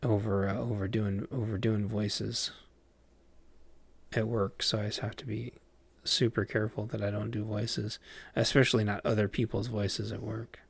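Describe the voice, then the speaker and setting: A man's voice: fairly low pitch, flat delivery, normal speed, creaky, husky. A man casually chatting on a livestream while playing a game, rambling with lots of fillers and restarts. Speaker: game streamer.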